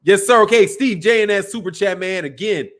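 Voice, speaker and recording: A man's voice: sits high, a little fast, fairly bright tone. A middle-aged man from Chicago hosting a boxing live stream in a loose, slangy, casual chat, laughing often. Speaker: boxing channel host.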